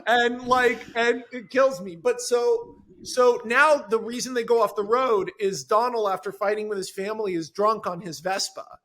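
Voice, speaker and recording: A man with a notably high speaking voice talks as a guest on a podcast. He recounts his own script in an eager rush, tripping over restarts and circling back mid-sentence. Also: fairly even intonation, fairly bright tone. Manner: fast, enthusiastic storytelling with many restarts. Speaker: screenwriter guest. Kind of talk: podcast conversation.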